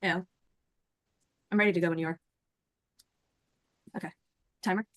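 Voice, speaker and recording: A woman in her forties, a nurse coach, chatting in an animated way straight to her listeners on a video call before rehearsing a speech. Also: lowish voice, normal speed. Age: 40s. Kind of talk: casual chat, then rehearsing a speech.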